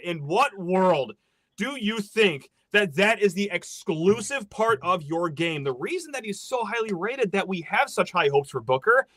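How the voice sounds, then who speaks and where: Animated ranting male sports podcast host. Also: high voice, no room sound.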